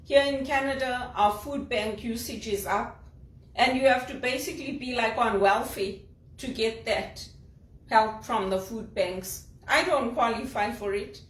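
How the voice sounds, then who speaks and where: Zimbabwean woman, polished elocution, higher voice, impassioned monologue, set back from the mic in an echoey room. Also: measured pace, distant mic. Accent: Zimbabwean English, trained elocution. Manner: impassioned, indignant, rhetorical questions. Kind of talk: personal monologue vlog.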